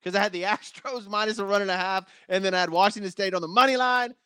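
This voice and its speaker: A man hosting a solo sports talk show, energetic and chatty, laughing at his own takes. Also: high-pitched, fast talker, clear, resonant tone, no echo.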